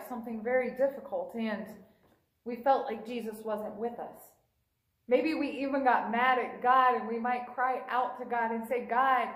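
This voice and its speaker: A woman preacher gives a sermon, retelling a scripture story in a relaxed, storytelling way. Her voice sits high, and she briefly voices the quoted characters. The sound carries a noticeable room echo. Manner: conversational storytelling, acts out quoted dialogue. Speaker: pastor.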